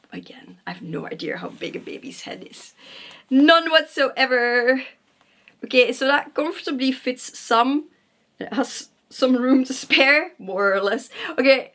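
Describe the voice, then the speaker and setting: Woman knitting vlogger, bright lively voice, rambling casual chat with fillers, home vlog on camera mic. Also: on the high side. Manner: chatty and rambling, with many fillers and self-corrections.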